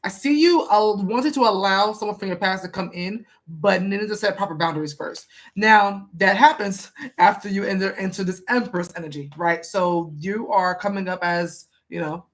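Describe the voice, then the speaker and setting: A woman's voice: mid-range voice, normal speed, few pauses. Chatty woman giving a tarot reading. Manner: chatty, emphatic, questions the cards aloud. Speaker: tarot reader. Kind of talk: casual tarot reading to a viewer.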